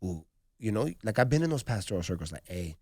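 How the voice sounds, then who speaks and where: A man who is a podcast guest and former pastor, telling stories in an animated, slangy way. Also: lowish voice, fast, no room sound, clean studio sound. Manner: animated, slangy storytelling, calling the listener "dog" and "bro". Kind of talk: candid conversation.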